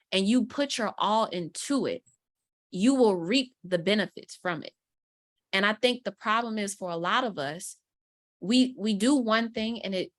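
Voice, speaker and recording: Woman, lively storyteller, acts out quotes, casual interview talk. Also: mid-range voice. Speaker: guest mentor, content strategist.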